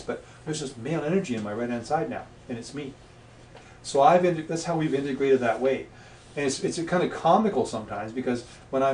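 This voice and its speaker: A man's voice: mid-range voice, a little mellow. A man as a talk-show guest, telling anecdotes in casual chat and acting out the voices of people he quotes. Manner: anecdotal storyteller who acts out quoted voices. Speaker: guest, past life regression practitioner. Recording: echoey room, distant mic, faint noise.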